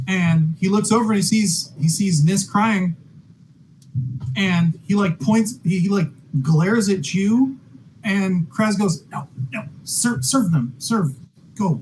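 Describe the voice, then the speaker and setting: A man narrating as dungeon master, halting and filling pauses with ums and restarts. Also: high-pitched, darkish tone, slight background noise, rough recording. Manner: halting, many fillers and restarts. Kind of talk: narrating a tabletop game.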